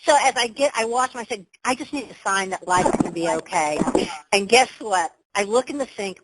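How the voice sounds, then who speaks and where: A woman's voice: medium pitch, a bit bright, poor audio. A woman giving a motivational webinar talk over her computer, emphatic and upbeat, with exclamations. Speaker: webinar presenter.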